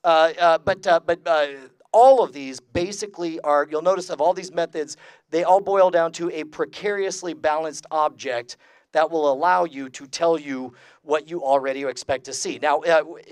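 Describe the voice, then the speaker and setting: A man's voice: fairly high pitch, normal speed, clean tone, no room sound. A man giving a live convention lecture to an audience in a casual, jokey, profane way, with lots of filler sounds. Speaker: lecturer and magician. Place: convention talk before an audience.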